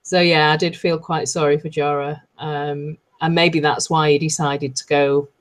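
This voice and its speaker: A woman's voice: sits low, little pitch movement, moderate pace. A woman chatting on a live video call, laughing often and acting out quotes as she talks. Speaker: guest panelist.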